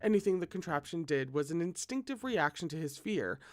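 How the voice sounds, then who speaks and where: A reader narrating a novel aloud, expressive and breaking off for chatty asides. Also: mid-range voice, brisk, no room sound, studio quality.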